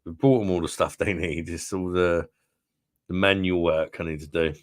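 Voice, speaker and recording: Deep-voiced chatty man. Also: steady tone, normal speed, dry recording, studio quality. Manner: chatty, rambling, laughs often. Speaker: beer review channel host. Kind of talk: casual live-stream chat with viewers.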